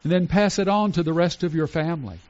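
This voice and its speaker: A pastor preaching a sermon in an earnest way, slowing down to stress each item in a list and going soft for tender points. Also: male voice, a little high, no echo. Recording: dull lo-fi recording.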